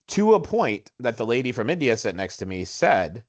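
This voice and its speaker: A man in his forties, a podcast co-host, telling a story in casual chat with animated, self-mocking humor. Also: medium pitch, dull audio. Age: 40s.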